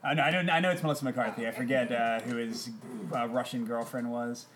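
Male podcast guest, mid-pitched, blunt and opinionated, casual talk with a faint hiss behind. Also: fairly even intonation, fairly quick, fairly bright tone. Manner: blunt, opinionated movie reviewer. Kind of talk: casual chat.

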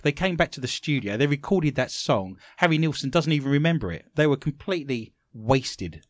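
A man's voice: mid-range voice, dry recording. A man hosting a casual quiz segment, teasing his co-hosts with jokes and tangents. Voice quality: lively, joking, animated delivery. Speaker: quiz host. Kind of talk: casual podcast banter.

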